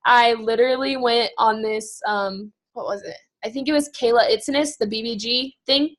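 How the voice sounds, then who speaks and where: A young woman on a video call giving a chatty, casual training talk full of fillers, a bit out of breath. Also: on the high side. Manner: chatty, fast, lots of fillers. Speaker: guest speaker on a team call.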